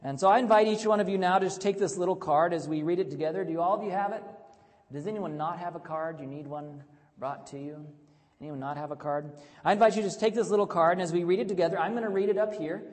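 Man, preacher, sermon, quiet to loud emphatic delivery, questions for the audience, fairly high voice, long hall echo. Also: fast talker. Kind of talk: evangelistic sermon. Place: church hall with tables.

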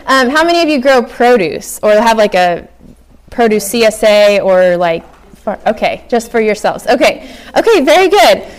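A woman's voice: fairly high pitch, sing-song, moderate pace. A young woman from Oklahoma giving a casual workshop talk on flower farming, chatty with many ums and likes.

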